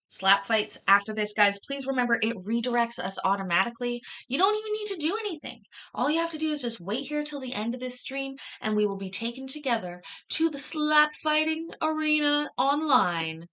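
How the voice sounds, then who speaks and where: Woman streamer, casual and unfiltered, high-ish bright voice, animated delivery. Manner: chatty, laughing, swears freely. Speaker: livestream host. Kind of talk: casual chat reacting to a court stream.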